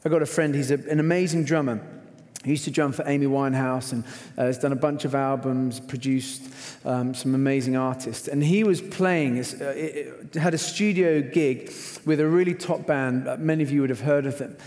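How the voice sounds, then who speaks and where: Speaking at medium pitch and normal speed, a middle-aged conference speaker gives a sermon containing a story, performing its quotes with shouts as an animated storyteller. It's recorded in a large performing arts hall with long reverb.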